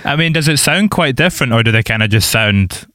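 A man's voice: medium pitch, animated, a little fast, bright, forceful tone. A man with a Scottish accent hosting a podcast, asking easygoing, open questions in casual chat. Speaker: podcast host.

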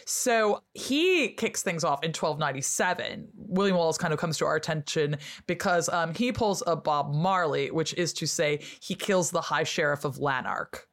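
A woman historian, a podcast guest, retelling history in a casual, irreverent and animated way, with lots of fillers. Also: low voice, normal speed, few pauses.

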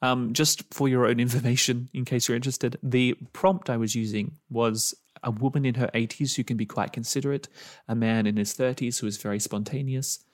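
A man's voice: mid-range voice, fairly even intonation, fairly quick, no room sound, studio quality. A man narrating a story he wrote, reading expressively with dramatic emphasis.

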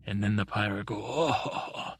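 A man's voice: lowish voice, level tone, measured pace, creaky, bright, forceful tone, slight background noise. A man improvising a bedtime story as podcast host, meandering with asides and self-corrections.

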